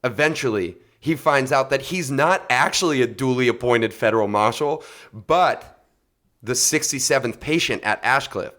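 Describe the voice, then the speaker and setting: A man's voice: mid-range voice, normal speed, fairly bright tone. A man co-hosting a casual film podcast, summarizing plots with frequent laughs. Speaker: podcast co-host. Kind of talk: casual chat.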